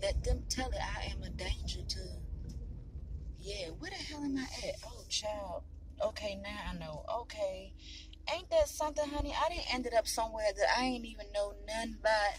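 A woman's voice: medium pitch, normal speed. A woman from Virginia, talking to herself in casual, profane chat while she drives and films on her phone. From Virginia, USA. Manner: chatty, profane, talks to herself and passing drivers. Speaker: vlogger. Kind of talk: casual self-filmed chat while driving. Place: inside a car on the road. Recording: car and road noise behind. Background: car engine and road noise.

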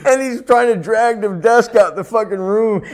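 A retired wrestler telling profane, laughing stories in a sit-down interview, recorded on a lapel mic indoors. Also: male voice, sits high, moderate pace. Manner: profane, laughing, animated anecdotes. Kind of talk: storytelling shoot interview.

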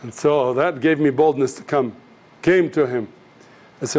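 This man's voice is mid-range with a somewhat dark tone, moving at a moderate clip. He's a missions teacher addressing students earnestly and directly, telling anecdotes and acting out each character's voice.

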